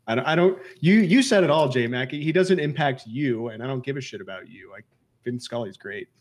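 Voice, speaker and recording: A man's voice: medium pitch, a little fast. A man co-hosting a podcast, making emphatic, opinionated points in casual banter. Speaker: podcast co-host.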